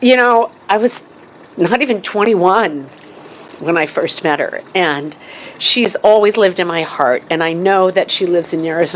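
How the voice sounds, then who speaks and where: A woman's voice: fairly low pitch, unhurried, slight background noise. Emotional woman giving a rambling eulogy. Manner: emotional, rambling, laughs through tears. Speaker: memorial speaker. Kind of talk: personal eulogy. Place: memorial gathering.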